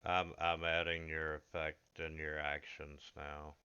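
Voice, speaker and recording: A man's voice: rumbling low, monotone, unhurried, sharp tone, highs cut off. A man running an online tabletop game, helpfully explaining where to click.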